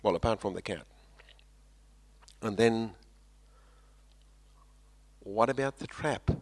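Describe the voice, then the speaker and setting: A man from South Africa preaching a sermon, swinging from loud emphatic lines to quiet low ones and repeating phrases for weight. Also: slow pace.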